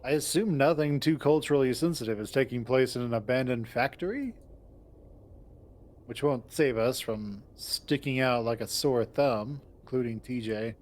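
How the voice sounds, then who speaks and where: A man's voice: medium pitch, moderate pace, hardly any pauses, darkish tone. A man narrating a visual novel in the first person and voicing its lead, in a wry storytelling manner.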